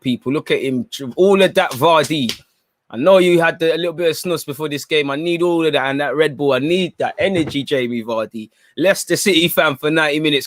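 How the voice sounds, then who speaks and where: A man's voice: fairly high pitch, a bit bright, dry recording, studio quality. A young man giving chatty live commentary during a football watchalong stream and reacting to viewer comments.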